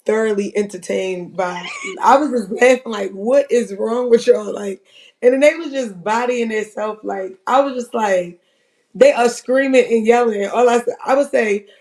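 A woman's voice: fairly high pitch, normal speed, darkish tone, rough recording. A woman, co-hosting a casual livestream chat. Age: 40s. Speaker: livestream co-host.

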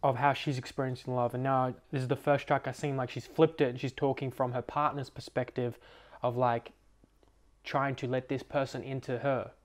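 A man's voice: medium pitch, level tone, moderate pace. A young man co-hosting a music reaction review, talking thoughtfully and analytically about the songs. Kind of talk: casual review chat.

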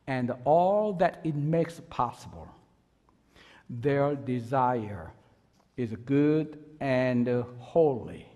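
A man's voice: mid-range voice, lively intonation, drawn-out words, dark tone. Earnest male pastor in a big echoing church. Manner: earnest, emphatic, with rising bursts of energy. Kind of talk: sermon. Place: church sanctuary. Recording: reverberant church sanctuary.

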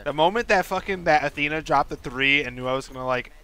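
A man's voice: a little high, fast talker, pushed and bright. A young man streaming a team game, bantering, laughing and swearing with teammates. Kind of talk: casual gaming chat with teammates.

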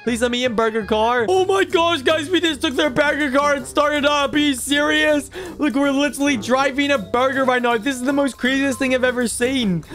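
Man playing a greedy little toddler, very high squeaky voice, game music faint underneath. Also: brisk, few pauses. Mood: excited. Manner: high babyish voice, excitable gaming chatter. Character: mischievous toddler boy, excitable and greedy. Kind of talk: gameplay commentary in character.

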